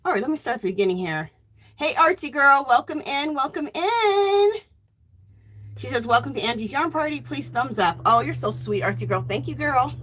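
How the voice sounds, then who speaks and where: A woman hosting a casual crafting live stream, warmly greeting viewers by name and reading their chat messages aloud. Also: sits high, animated, brisk, a little hiss or hum. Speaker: livestream host.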